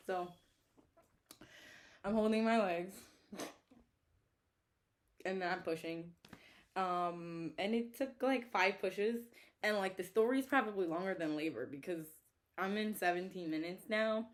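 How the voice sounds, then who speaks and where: Animated young woman telling a story. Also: medium pitch, normal speed. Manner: animated, exasperated retelling with lots of "like". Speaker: vlogger telling her birth story. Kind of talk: casual storytime chat.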